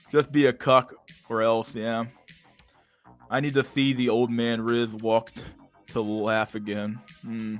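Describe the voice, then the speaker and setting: A young man hosting a livestream, ranting casually with heavy swearing and loud bursts of laughter. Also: medium pitch. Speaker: livestream host.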